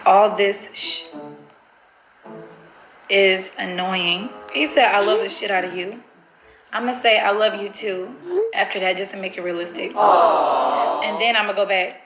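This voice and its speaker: A woman's voice: medium pitch, a little slow, pauses often, over music. Woman vlogger, casual chat, nervous, echoey room. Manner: chatty and nervous, talks to viewers. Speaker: vlogger pulling a prank on her partner.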